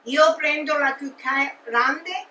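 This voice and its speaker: A woman's voice: sits high, takes it slowly, sharp tone, a little hiss or hum, full character voice. A woman playing a bossy, distrustful old Italian mother who scolds and nags with an Italian accent. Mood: scolding. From Italy. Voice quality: scolding, nagging. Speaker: meddling mother. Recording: echoey and distant from the mic.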